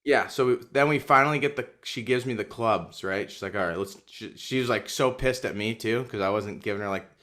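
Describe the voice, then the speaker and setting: A young man co-hosting a podcast, telling a story in casual chat, swearing a lot and getting loud and worked up as he quotes himself. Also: on the low side, a little fast, hardly any pauses. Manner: animated storyteller, swears constantly, gets loud and heated when quoting himself. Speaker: podcast co-host.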